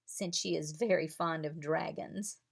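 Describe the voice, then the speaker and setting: A woman voicing a gruff, proud king who speaks formally, in a read-aloud storybook. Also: low-pitched, fairly even intonation, measured pace, heavily acted.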